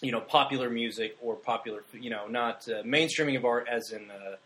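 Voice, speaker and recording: A man's voice: mid-range voice, a little fast, fairly bright tone, low-quality recording. A man co-hosting a film podcast, chatting casually and rambling with restarts. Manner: rambling, many restarts, joking. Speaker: podcast co-host. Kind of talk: casual chat.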